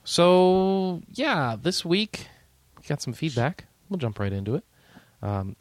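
A man's voice: a little high, very animated, slow, no room sound. A man hosting a gaming podcast in casual chat, joking and rambling, laughing easily. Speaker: podcast host.

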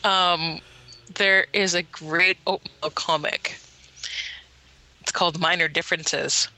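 A woman's voice: lowish voice, steady tone, slow, bright, forceful tone, rough recording. A woman co-hosting a gaming podcast, chatting casually with frequent hesitations. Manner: hesitant, many fillers, chatty. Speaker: podcast co-host. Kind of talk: casual chat.

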